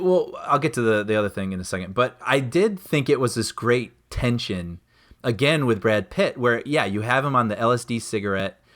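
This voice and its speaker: A man's voice: medium pitch, a bit bright. A man co-hosting a podcast, chatting casually and enthusiastically about a movie, laughing often and acting out scenes. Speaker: podcast co-host. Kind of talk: casual film discussion.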